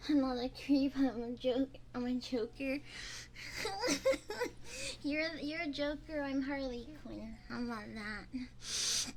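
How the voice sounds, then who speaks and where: A young woman streamer chatting casually on a binaural microphone, excitable, laughing and swearing as she pleads with her chat. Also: high-pitched, slow pace, pauses often, a little hiss or hum. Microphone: binaural ASMR microphone.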